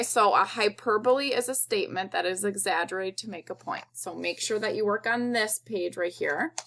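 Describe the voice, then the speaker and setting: A woman teacher giving a recorded video lesson to young children, explaining in a slow, patient, kid-friendly way. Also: fairly high pitch, fairly bright tone.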